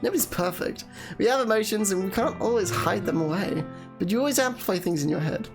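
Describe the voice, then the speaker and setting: A woman plays a kind teenage schoolboy. Her reading is calm and earnest, in her own voice. Game music plays underneath. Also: medium pitch, quick pace, close to an everyday voice. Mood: reassuring.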